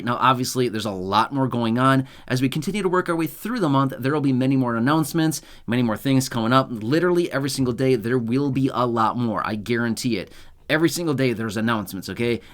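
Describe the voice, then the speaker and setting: Man, channel host, casual explainer monologue, chatty, sarcastic asides, medium pitch. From United States. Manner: chatty, sarcastic asides, frequent "okay?" and "right?" tags.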